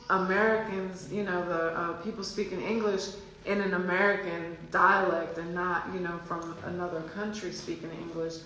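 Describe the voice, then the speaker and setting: A woman's voice: mid-range voice, a bit bright. A woman, the mother of the other speaker, telling a story in a casual, matter-of-fact way that breaks into laughter. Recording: very echoey room with faint hiss.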